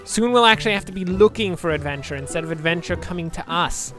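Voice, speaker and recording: A man's voice: high-pitched, fast talker, pushed and bright, faint music behind. A man giving rambling, joking let's-play commentary, chatting to viewers with self-deprecating asides. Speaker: gameplay commentator.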